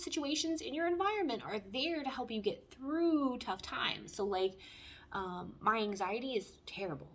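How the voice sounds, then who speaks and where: A woman giving a casual spoken tarot reading, talking in a frank, blunt and heartfelt way. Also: mid-range voice. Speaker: tarot reader.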